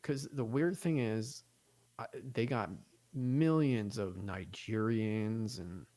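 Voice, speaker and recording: A man's voice: lowish voice, slow, dark tone. A man chatting casually as a podcast guest, rambling through stories with many fillers. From United States.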